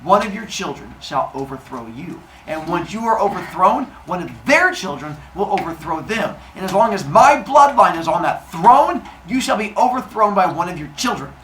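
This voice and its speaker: A man's voice: high voice, very animated, moderate pace, few pauses, sharp tone, echoey room, far from the mic, a little hiss or hum, full character voice, rough recording. A man voicing an old male sky god, a wary father in a told myth. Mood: solemn. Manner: wary, then grandly cursing.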